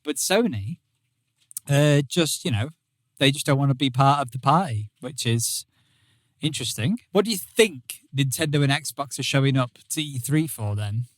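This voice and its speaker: A man's voice: medium pitch, animated, normal speed, dry recording. Podcast guy chatting about games, stumbles and repeats words, dry close mic. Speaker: podcast co-host. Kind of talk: casual gaming podcast chat. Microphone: podcast microphone.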